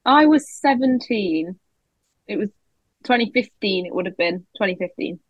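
A woman's voice: medium pitch, expressive, moderate pace, no room sound, muffled recording. A woman in her twenties chatting on a podcast, reflective and articulate, with a dry sense of humour. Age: 20s. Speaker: podcast co-host. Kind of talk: casual chat.

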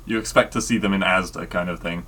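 A man co-hosting a podcast in easygoing casual chat, often halting to find his words. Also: low voice, steady tone, pushed and bright, slight background noise. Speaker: podcast co-host.

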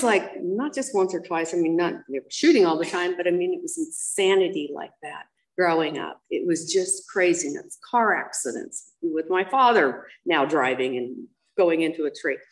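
Speaking candidly and bluntly, an older woman shares her life story in an interview, scattering ums throughout and dramatizing the quotes. Her voice is lowish in pitch with a gravelly, fried quality, and the audio is poor.

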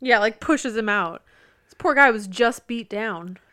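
A woman co-hosting a casual podcast, trading fast jokes and laughing easily. Her voice is bright and forceful and sits a little high. She keeps the banter quick and playful. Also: expressive. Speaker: podcast co-host. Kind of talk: casual wrestling recap chat.

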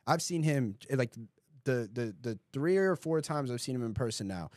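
A man hosting a casual podcast, telling stories fast and swearing a lot. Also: medium pitch, dry recording, studio quality. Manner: fast, profane, animated storytelling. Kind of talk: casual chat.

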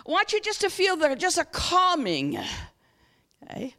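With huge swings in pitch, a woman guest speaker delivers a sermon in a high, lively voice. She repeatedly checks in with listeners and asks them to respond, later slowing into a soft guided reflection.

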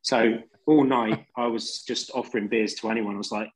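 On a podcast, a London-accented band singer drifts through relaxed anecdotes with frequent fillers. His husky voice is medium-pitched, with fairly even intonation and normal speed, and the recording quality is low.

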